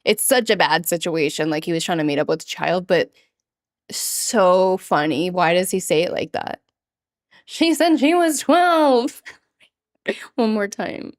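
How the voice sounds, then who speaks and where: A woman streaming casually to her chat, chatty and giggly, sometimes mimicking a quoted line in a higher voice. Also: moderate pace, no echo, clean studio sound. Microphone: desk microphone.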